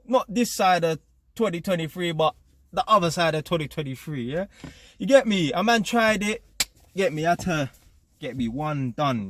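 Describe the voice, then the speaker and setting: A man's voice: fairly high pitch, dry recording. A young man, ranting his opinions to camera as a channel host in slangy street talk, forever tagging questions onto his lines. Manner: slangy, streetwise, repeats tag questions like innit. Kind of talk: casual opinion rant to camera.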